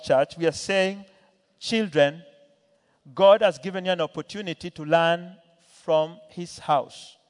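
A man preaching a sermon to a church, telling a Bible story and voicing its characters as he goes. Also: sits high. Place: church hall. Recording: long hall reverb.

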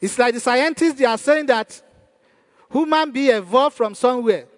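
A man's voice: very high voice, moderate pace, long reverb tail. A man preaching a sermon as pastor, asking rhetorical questions and repeating praise to the congregation.

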